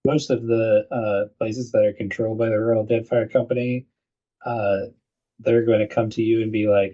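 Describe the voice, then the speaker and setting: A man co-hosting a casual podcast chat, jokey and quick to act out characters. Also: on the low side, flat delivery, dark tone. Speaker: podcast co-host. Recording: dull lo-fi recording.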